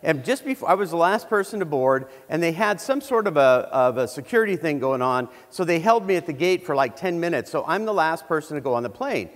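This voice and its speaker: A man's voice: fairly high pitch, sing-song, a little fast, few pauses. A middle-aged man giving a humorous keynote on stage, telling a story in a conversational way with many restarts. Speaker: keynote speaker. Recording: reverberant hall.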